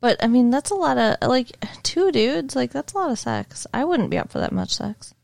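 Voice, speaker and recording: A woman co-hosting a podcast, chatting casually, blunt and expressive, laughing often. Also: high voice, normal speed, creaky, no echo. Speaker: podcast co-host. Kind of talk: casual chat.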